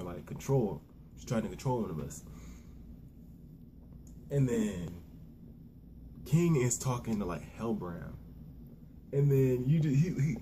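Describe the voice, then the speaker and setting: A young man giving a casual, excitable and profane manga review, retelling scenes with lots of restarts. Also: medium pitch, slight background noise. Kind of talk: casual solo review rant.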